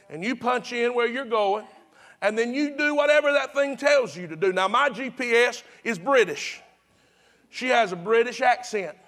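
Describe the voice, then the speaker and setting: A man's voice: high-pitched, a bit bright. A pastor preaching to his congregation in a chatty, repetitive way, with emphatic restarts. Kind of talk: sermon.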